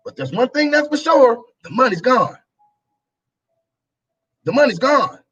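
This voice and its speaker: A man's voice: extremely high pitch, very animated, measured pace, a bit bright, breathy edge, dull audio. A male talk show host delivering a preachy political commentary monologue, repeating his phrases and acting out both sides of an argument.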